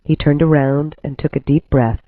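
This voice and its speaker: A man reading a history story aloud in steady, clear scripted narration. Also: fairly high pitch, moderate pace, no echo. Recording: tinny phone-like dry recording.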